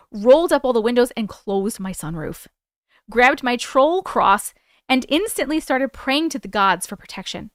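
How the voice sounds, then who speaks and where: Casual New York woman host, higher voice. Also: fairly bright tone, no room sound, studio quality. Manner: casual, swears freely, laughs often. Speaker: livestream host. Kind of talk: reading viewer stories and chatting live.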